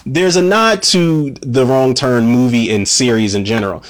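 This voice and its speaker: A movie reviewer with a medium-pitched voice recaps a film scene by scene at a normal speed. He rambles casually and swears freely, leaning heavily on "you know" and "man."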